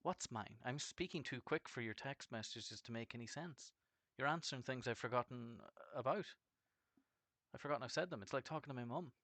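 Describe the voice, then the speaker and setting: Gravelly-voiced man streaming casually. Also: fairly quick, no echo. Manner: rambling, swearing, chatty; voice swings from deep to screechy when excited. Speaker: game streamer. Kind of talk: casual live-stream chat.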